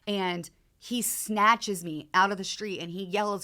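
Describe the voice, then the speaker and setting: Halting woman telling a painful story. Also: medium pitch, fairly even intonation, bright, forceful tone. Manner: halting, repeats herself, many fillers. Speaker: podcast guest. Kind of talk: emotional personal storytelling.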